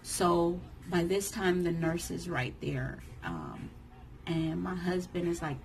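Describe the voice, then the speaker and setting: A woman in her thirties, a vlogger, telling a personal story to camera in an emotional, animated way, acting out what others said. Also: fairly low pitch, slow, soft background music, low-quality recording. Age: 30s. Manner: emotional, animated retelling that acts out others' lines.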